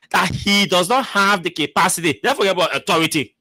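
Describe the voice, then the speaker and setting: A man's voice: sits high, lively intonation, fairly quick, hardly any pauses, sharp tone, no room sound. A man hosting a radio talk show, arguing and mocking as he repeats his words. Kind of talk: radio commentary.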